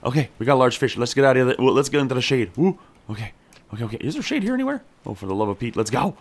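A man with a mid-range voice races through casual let's-play commentary as a gameplay streamer. Playing a survival game, he talks to his character and cheers on each catch.

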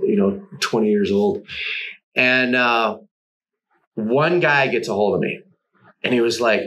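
A man's voice: fairly low pitch, rough recording. Middle aged guy telling stories in an interview, laughs a lot, swears some. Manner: animated, swearing, laughing often while telling anecdotes. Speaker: guest artist. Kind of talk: casual storytelling interview.

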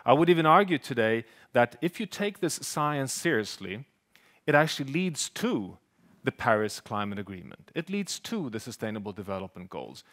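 A man with a Swedish accent speaking at a seminar, earnest and slightly halting, with a joking opening. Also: mid-range voice, very animated, fairly bright tone. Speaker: professor and scientist speaking at a seminar. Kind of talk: public talk.

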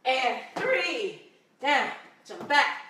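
A woman fitness instructor coaches a home workout with a bright, high voice, counting reps and cheering viewers on. She breathes hard at times, and her voice rings in an echoey room, picked up from well away from the mic. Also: big pitch swings, very slow, far from the mic, a little hiss or hum. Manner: encouraging, counting reps aloud.

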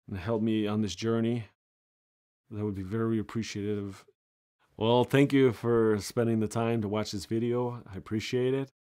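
Earnest, low-voiced devout man. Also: darkish tone. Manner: earnest, devout, plain-spoken. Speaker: amateur musician. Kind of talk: personal testimony and appeal.

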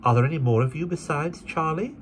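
A man voicing a kindly, thoughtful guardian who speaks in a gentle, measured way. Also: a little high, slight background noise, pitched above the performer's own voice, lightly acted.

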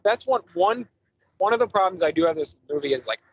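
A man's voice: sits high, lively intonation, a little fast, slightly rough, rough recording. A man hosting a casual podcast movie review, rambling enthusiastically with lots of fillers and restarts. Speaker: podcast host.

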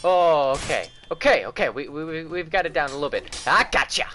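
A man streaming gameplay live, trash-talking the game with loud profane outbursts and stammering when flustered. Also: a little high, sing-song, quick pace, faint music behind. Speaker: gaming streamer.

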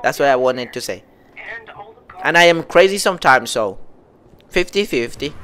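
A man giving excitable live gameplay commentary, talking to himself and his viewers with frequent exclamations. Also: medium pitch, moderate pace. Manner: excitable, lots of exclamations and self-talk. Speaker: gameplay streamer.

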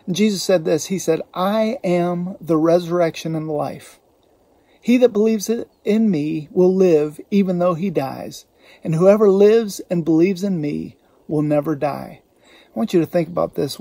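A male pastor preaching a sermon in a gravelly, mellow voice pitched a little high. He speaks earnestly and slows down to press home the scripture he quotes. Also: dry recording. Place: church.

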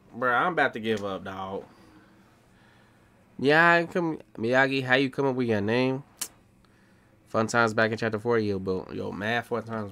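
Young male streamer, bright voice, slangy casual commentary. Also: mid-range voice. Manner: slangy, talks back to game characters. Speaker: gaming streamer.

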